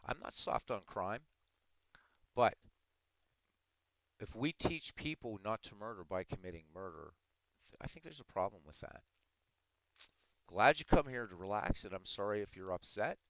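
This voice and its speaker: Male streamer, very low voice, dry close mic, earnest and argumentative with viewers. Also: lively intonation, moderate pace, long pauses, a bit bright, no room sound, rough recording. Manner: earnest, argumentative, addressing chat by name. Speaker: livestream host talking to chat. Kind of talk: casual live-stream commentary.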